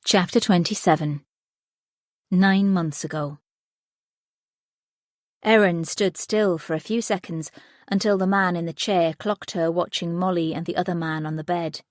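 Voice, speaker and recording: A woman narrating an audiobook thriller in a steady, even way, close to the mic. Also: lowish voice, unhurried, pauses often, no room sound. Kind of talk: scripted narration.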